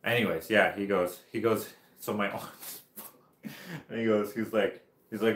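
This livestream host has a voice on the low side, with fairly even intonation and a moderate pace. Recorded with a roomy echo, he spins a long, rambling story, frequently laughing and starting over.

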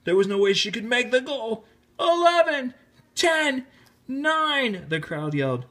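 A man teacher reading a children's picture book aloud, animated and rising to high excited shouts at the exciting parts. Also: fairly quick. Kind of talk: children's storybook read-aloud.

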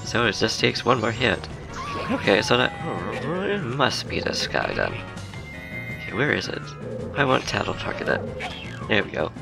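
A man's voice: medium pitch, wildly swooping pitch, moderate pace, gravelly, long pauses. A young man giving casual, rambling let's-play commentary, laughing often as he plays. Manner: chatty, giggly, rambling. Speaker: gaming YouTuber. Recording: game music playing under the voice.

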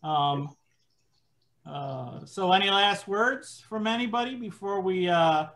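A man's voice: high-pitched, takes it slowly, a bit bright, low-quality recording. A man hosting a casual podcast chat, rambling with many fillers and hesitations. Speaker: podcast host.

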